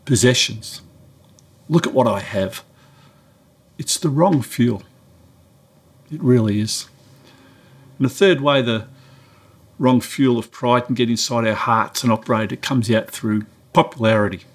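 Husky, middle-aged male preacher; storytelling delivery. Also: unhurried, pauses often. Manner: animated storyteller, acts out dialogue with raised pitch. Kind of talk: sermon-style talk with storytelling.

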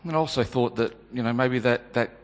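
A man's voice: mid-range voice, fairly quick, close to an everyday voice. A man performing a dramatic monologue as a remorseful male disciple, stammering and repeating his words. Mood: flustered. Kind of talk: dramatic first-person monologue. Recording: long hall reverb.

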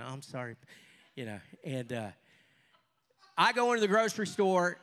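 An older man, a pastor, preaching a sermon and telling stories, with sudden loud bursts and quieter asides. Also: a little high. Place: church hall with a congregation. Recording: long reverb of a large hall.

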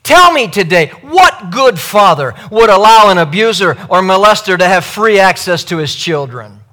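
Man, preacher, sermon, emphatic, repeats phrases, high bright voice. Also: very animated, normal speed. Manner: emphatic, repeats key phrases, addresses listeners as beloved.

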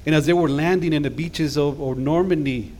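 Impassioned pastor preaching. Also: male voice, a little high, steady tone, brisk, a little mellow. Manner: impassioned, rising to emphatic exhortations. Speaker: guest pastor. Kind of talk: sermon. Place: church sanctuary.

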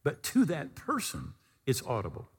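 Husky preacher in a long-echoing hall. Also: male voice, mid-range voice, moderate pace. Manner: animated storytelling preacher, acts out quoted voices. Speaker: pastor. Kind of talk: sermon. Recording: long reverb of a large hall.

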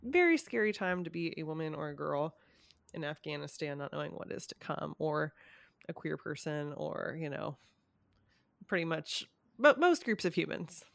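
A woman's voice: low-pitched, animated, normal speed, gravelly, no echo. A young woman in a casual conversation about current events, hesitant with many ums and small laughs.

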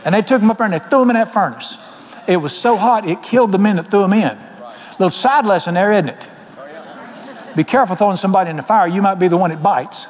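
With a high-pitched voice and a quick pace, a pastor with a Southern US accent preaches a sermon full of folksy, emphatic storytelling. His words ring through the long reverb of a large church sanctuary.

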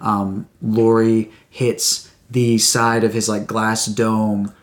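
A man's voice: lowish voice, little pitch movement, slow pace. A man co-hosting a podcast in casual chat, rambling and correcting himself as he goes. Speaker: podcast co-host.

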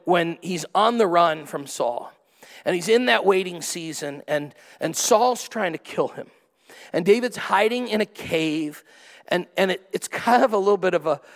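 Animated preacher with hall reverb. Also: male voice, a little high, creaky. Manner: animated storytelling with sudden excited peaks. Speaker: pastor. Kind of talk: sermon. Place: church auditorium.

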